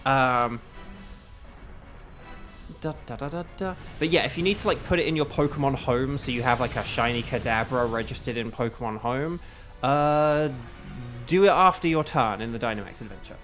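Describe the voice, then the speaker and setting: A man's voice: medium pitch, normal speed, fairly bright tone, soft background music. A man who is a voice actor, chatting casually to his viewers while streaming a game, rambling and self-aware with lots of fillers. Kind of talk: casual live-stream chat over gameplay.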